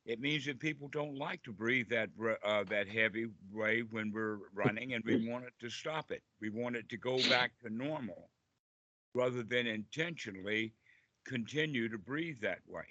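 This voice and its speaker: A man's voice: medium pitch, moderate pace, sharp tone, dry recording, highs cut off. A man, a meditation teacher, explaining breathing to a group on a video call and asking them questions.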